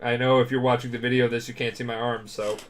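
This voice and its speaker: A man's voice: mid-range voice, little pitch movement, fast talker, slight background noise. A drunk man rambling through a profane comedic recap, jumping into silly voices for the characters. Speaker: podcast host.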